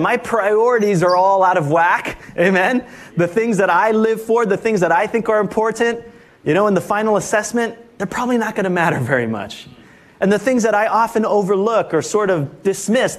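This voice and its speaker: Brief: man with a high voice, emphatic preacher who keeps asking for amens, sermon delivery. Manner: emphatic, repeatedly asks "Amen?". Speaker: pastor. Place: church service.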